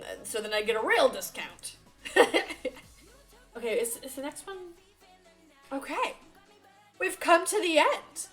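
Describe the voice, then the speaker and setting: Giggly high-voiced woman streamer. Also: fairly bright tone. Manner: giggly, chatty, reads chat aloud. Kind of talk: casual live-stream chat.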